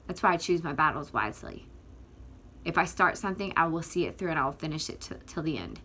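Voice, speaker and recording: A woman's voice: low-pitched, expressive, quick pace, bright, forceful tone, slight background noise. A woman from Florida talks straight to camera in an impassioned vlog. She is tearful, and she rambles emphatically with many fillers and restarts. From Northwest Florida. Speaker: activist vlogger.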